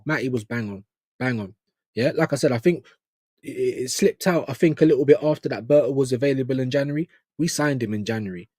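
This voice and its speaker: A man's voice: mid-range voice, quick pace, darkish tone, dry recording, studio quality. A man co-hosting a casual football chat, chatty and emphatic, with slang. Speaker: co-host.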